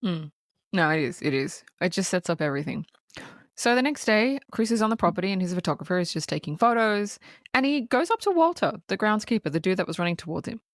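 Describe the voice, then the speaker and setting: A woman co-hosting a podcast, excitedly retelling a film in casual chat, swearing and saying "like" a lot. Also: mid-range voice, fast talker, no echo, clean studio sound. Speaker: podcast co-host. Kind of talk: casual movie recap.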